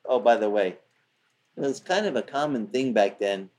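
A man's voice: medium pitch, lively intonation, moderate pace, darkish tone. A man preaching, retelling a scripture story in a loose, conversational way. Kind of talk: sermon.

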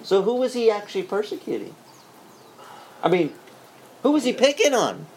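A man preaching a sermon, telling the story in a lively, joking way, with frequent restarts. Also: high voice, normal speed, a little hiss or hum, rough recording. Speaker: pastor.

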